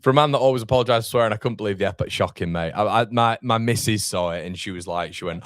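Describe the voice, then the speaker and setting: Low-voiced chatty lad. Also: male voice, fast talker, smooth, dry recording, studio quality. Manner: chatty, reading out viewer comments. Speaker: football watchalong host. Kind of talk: casual live-stream chat. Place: home room.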